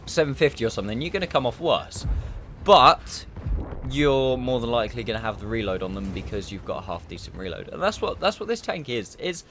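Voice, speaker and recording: A man giving relaxed, rambling commentary over his own gameplay, often restarting his sentences. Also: medium pitch, slight background noise. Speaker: gaming YouTuber.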